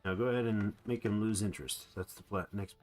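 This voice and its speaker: A man's voice: lowish voice, steady tone, a little fast, slight background noise. A man giving playful, rambling let's play commentary on a survival game, chatting to the animals he meets. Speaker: gamer.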